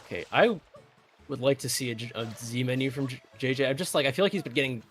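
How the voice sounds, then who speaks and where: A man talks through a live speedrun-style match at an everyday middle pitch, breaking down strategy in a loose, filler-heavy way. Faint music plays softly behind him. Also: quick pace. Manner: chatty, analytical, many fillers like "like". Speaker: commentator. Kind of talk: casual live game commentary.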